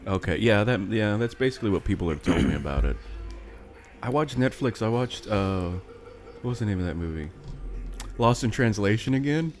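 A man's voice: fairly low pitch, animated, moderate pace. A man hosting a casual podcast, rambling and restarting his sentences, laughing often. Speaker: podcast host. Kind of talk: casual chat.

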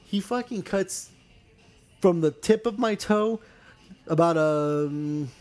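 A man on a podcast telling a long story casually, rambling and profane, loudly acting out his own cries. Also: on the high side, takes it slowly, soft background music. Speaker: podcast co-host.

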